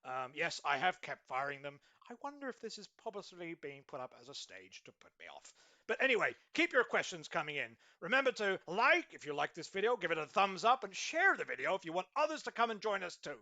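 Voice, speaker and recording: Pompous guy playing a business guru, high bright voice that swoops all over. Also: sing-song, brisk. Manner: pompous, mock-serious guru tone with frequent ums. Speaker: host of a mock business advice show. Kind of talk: deadpan satirical advice show.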